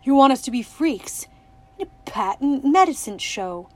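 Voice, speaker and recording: A woman's voice: high voice, very animated, measured pace, darkish tone, voice pushed up. A woman reading the part of a stunned young man who speaks dully and in disbelief. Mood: bitter. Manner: dull, disbelieving.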